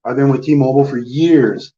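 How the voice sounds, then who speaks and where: A man with a warm mid-range voice speaks at a moderate pace over slight background noise, telling a long, exasperated, rambling story and acting out everyone he quotes. He's an adult who's had a phone plan since the early 2000s. The recording is roomy, distant, and dull lo-fi.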